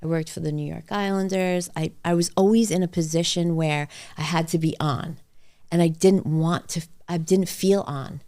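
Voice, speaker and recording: A woman with a fairly low voice who hosts a podcast. She tells personal stories in an animated, blunt way and swears without holding back. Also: moderate pace. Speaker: podcast host. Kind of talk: casual conversation, storytelling.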